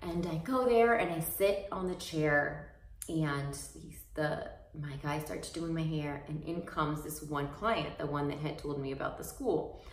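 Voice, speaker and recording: Woman coach, earnest and encouraging, lowish voice, rambling talk; roomy, distant mic. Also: unhurried. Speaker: fitness coach and business owner. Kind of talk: motivational talk to camera. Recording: roomy echo, mic far off.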